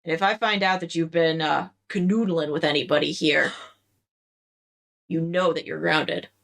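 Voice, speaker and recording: A woman's voice: deep voice, steady tone, normal speed, gravelly, a bit bright. A woman voicing a stern police officer father who lectures his son.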